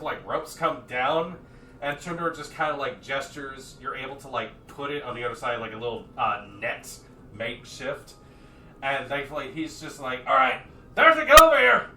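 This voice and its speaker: A man's voice: medium pitch, sharp tone, reverberant, recorded from a distance, slight background noise. A man narrating a tabletop game as game master, rambling with many fillers and restarts.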